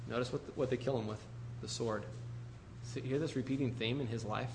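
A man preaching a conversational sermon in an animated, chatty way, full of asides to the congregation. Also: medium pitch, a little fast, a little hiss or hum.

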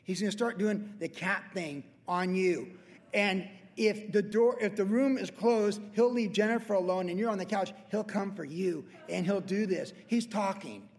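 A male pastor preaching a verse-by-verse sermon, joking and telling stories with quick put-on animal voices. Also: sits high, big-room sound. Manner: jokey storytelling with animal voices.

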